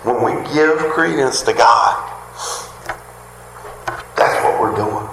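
A man's voice: medium pitch, slow, creaky. A man preaching a sermon in a folksy manner, regularly calling out for an amen from his congregation. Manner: folksy preaching with frequent call-outs for an amen. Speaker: pastor. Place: church. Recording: echoey hall with faint background noise.

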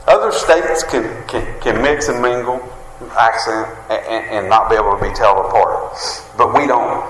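A man's voice: fairly low pitch, a bit bright, slight background noise. A man with a West Virginia Appalachian accent preaching a sermon in a folksy way, calling out for amens. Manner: folksy, calls for amens, drawn-out emphatic phrases. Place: church sanctuary. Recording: echoey hall with long reverb.

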